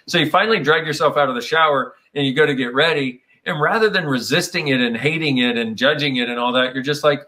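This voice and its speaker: This personal-growth speaker has a slightly high, sharp-toned voice and talks fairly quickly with few pauses. His conversational talk is casual and reflective, meandering along and occasionally breaking into playful quoted voices.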